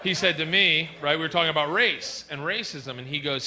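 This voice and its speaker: A man doing a stand-up set, telling stories loudly with shouted bits, on a noisy live stage recording. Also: on the high side, brisk. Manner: loud, rowdy storytelling with shouted bits. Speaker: stand-up comedian.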